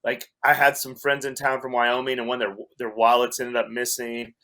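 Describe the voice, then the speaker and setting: Male podcast guest, animated storyteller, wry and self-deprecating, average pitch. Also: normal speed. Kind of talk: storytelling in a casual chat.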